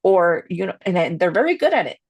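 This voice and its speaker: A husky, slightly mellow woman's voice, fairly low but swinging widely in pitch, moves fast through candid stories on a casual podcast she co-hosts. She sprinkles in Spanish and says "you know" often; the audio is muffled but has no echo.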